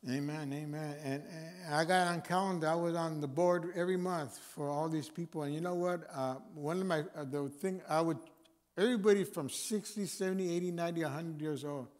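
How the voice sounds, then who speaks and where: A man's voice: a little high, steady tone, brisk, darkish tone. A man speaking as a guest chaplain, preaching informally to a men's meeting with repeated phrases and fillers. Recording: long reverb of a hall.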